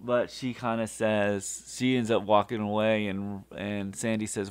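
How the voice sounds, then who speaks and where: Male podcast host, low gravelly voice, unhurried, halting casual recap. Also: level tone, no room sound. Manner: halting, many fillers and restarts.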